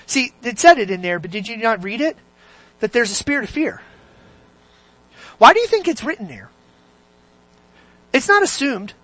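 A preacher delivering an animated sermon, firing questions at the congregation and swinging between loud bursts and hushed asides. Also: mid-range voice, moderate pace, long pauses, no room sound.

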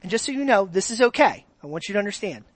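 Speaking quickly at medium pitch, a pastor delivers an animated sermon that swings from soft asides to loud outbursts and includes direct questions to the congregation. The recording has no echo.

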